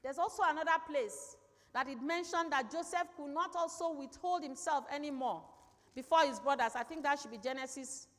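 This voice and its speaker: A woman with a high voice delivers a sermon, repeating her key lines for emphasis. She keeps turning to the congregation with questions. The sound carries a long reverb from a large hall. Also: a little fast, fairly bright tone. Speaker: preacher.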